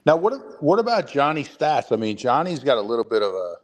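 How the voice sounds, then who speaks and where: A man co-hosting a sports talk show, giving lively, opinionated takes. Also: mid-range voice, fairly quick. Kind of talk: casual chat.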